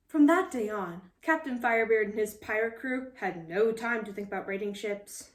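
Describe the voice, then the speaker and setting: A woman reading a children's picture book aloud in a lively, expressive storytelling manner. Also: mid-range voice, moderate pace, few pauses, far from the mic. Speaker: storybook reader. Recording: roomy echo.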